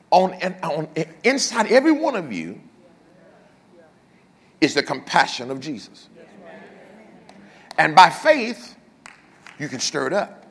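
An older pastor with a high, ringing voice that is also gravelly and husky preaches in a church with a long echo. He moves between loud, emphatic lines and hushed ones, slipping in humorous asides to the congregation.

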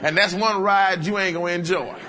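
Man preaching, kinda high voice, jokey folksy sermon. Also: steady tone, brisk, background noise. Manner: humorous, folksy preaching with acted asides. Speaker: pastor.

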